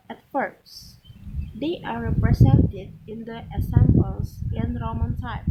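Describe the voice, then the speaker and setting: A woman reading a pronunciation lesson aloud from a textbook, slow and careful, with restarts and small slips. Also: fairly high pitch, background noise. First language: Malay.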